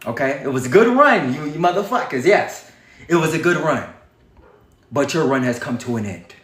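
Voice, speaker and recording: Brief: man with a high, fiery voice, preachy livestream monologue, heavy swearing, echoey room. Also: expressive, moderate pace, a bit bright. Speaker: livestream host.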